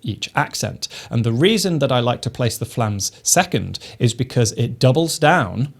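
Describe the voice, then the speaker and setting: Calm, methodical male drum teacher. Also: medium pitch, normal speed, gravelly. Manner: calm, methodical, explains step by step. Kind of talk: instructional explanation.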